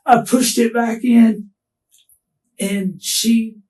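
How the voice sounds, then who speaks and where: A distraught, tearful man being interrogated, talking haltingly and restarting his sentences. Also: very high voice, steady tone, darkish tone, far from the mic, rough recording. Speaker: murder suspect under interrogation. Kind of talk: police interrogation.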